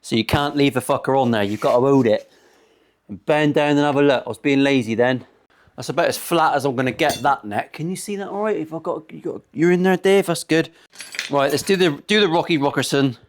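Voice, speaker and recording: A man in his forties, a luthier, chats as he works on a guitar in his workshop and wanders into crude jokes laced with swearing. His voice is a little high and fairly quick, with a little hiss or hum on the recording.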